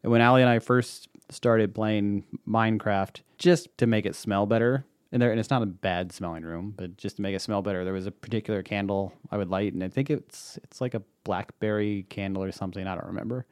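Low-voiced man in relaxed podcast chat. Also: brisk, few pauses, clear, resonant tone, no room sound, studio quality. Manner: rambling, self-correcting storyteller. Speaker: podcast co-host. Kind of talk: casual chat over wine.

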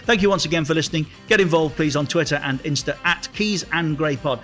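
A man's voice: fairly high pitch, fast talker, a bit bright, soft background music. Male podcast host, stammering restarts. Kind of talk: casual chat.

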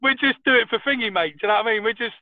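Sweary high-voiced man on a call. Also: very fast, no room sound. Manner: swears freely, animated anecdotes. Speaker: podcast co-host. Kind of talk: casual chat. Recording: tinny phone line.

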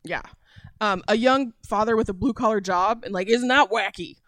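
A woman's voice: medium pitch, normal speed, a bit bright, no room sound, studio quality. A woman guest on a podcast, chatting casually and agreeably, with many yeahs and ums. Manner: agreeable, frequent yeahs and ums, listing examples. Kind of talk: casual chat.

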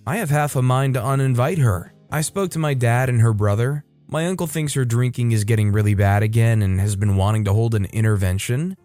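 A man narrating a Reddit post in a steady, even reading. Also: mid-range voice, fairly quick, hardly any pauses, faint music behind. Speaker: story narrator.

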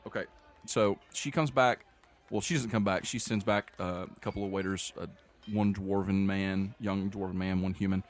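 Low-voiced man running a tabletop game. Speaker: game master. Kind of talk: narrating a tabletop game and voicing a barmaid.

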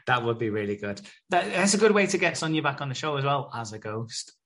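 A man's voice: mid-range voice, a bit bright. Sweary man recapping casually. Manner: swears freely, retells scenes with quoted voices. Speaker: podcast co-host. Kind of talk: casual chat recapping a soap episode.

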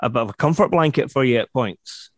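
Friendly podcast host, dry close sound. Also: male voice, medium pitch, lively intonation, no room sound. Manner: encouraging, frequent listening murmurs, quick when explaining. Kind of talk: casual podcast interview.

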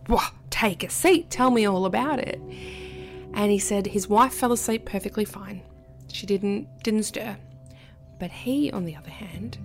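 Woman, creaky gravelly voice, casual storytelling, faint music underneath. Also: mid-range voice. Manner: animated, drops to whispers for creepy parts. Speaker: podcast guest.

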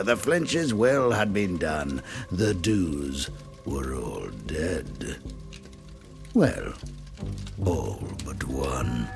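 A man narrating a rhyming horror-comedy story in a theatrical, dramatic manner. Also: mid-range voice.

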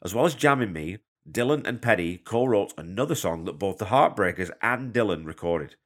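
A man's voice: lowish voice, lively intonation, a little fast. A man hosting a music podcast, talking through a record in a chatty, enthusiastic way with conversational asides. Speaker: podcast host. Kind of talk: casual music commentary.

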